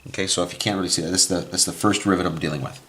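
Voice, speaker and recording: A man's voice: sits low, steady tone, racing, noisy background. A man teaching a recorded math lesson, explaining each step as he writes and often stopping to correct himself. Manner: explains step by step while writing on a board.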